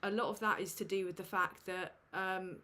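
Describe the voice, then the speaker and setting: A woman's voice: mid-range voice, steady tone, moderate pace, bright, forceful tone. A woman chats on her home livestream through a desk microphone, her voice sitting in a middle range. She sounds flustered and self-mocking, trailing off into fillers and swearing casually as she goes. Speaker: livestream host. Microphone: USB desk microphone.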